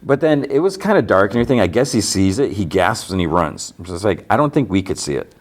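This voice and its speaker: Brief: low-voiced male host, loose chatty recap, stumbles and restarts. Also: sing-song, quick pace. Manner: rambling retelling, "he's like" quoting, many restarts. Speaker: podcast host. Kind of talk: casual TV episode recap.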